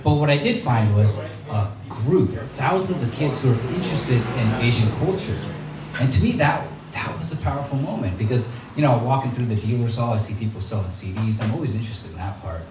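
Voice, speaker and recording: A man giving a storytelling talk to an audience, animated and acting out the voices of people he quotes. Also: mid-range voice, fairly quick, recorded from a distance, noisy background. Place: large hall with audience. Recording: echoey hall, voice from off-mic.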